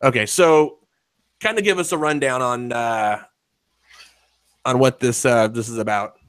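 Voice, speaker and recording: A man's voice: medium pitch, unhurried, fairly bright tone, clean tone, no room sound. A man hosting a casual podcast chat, rambling and profane, laughing often as he talks. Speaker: podcast host.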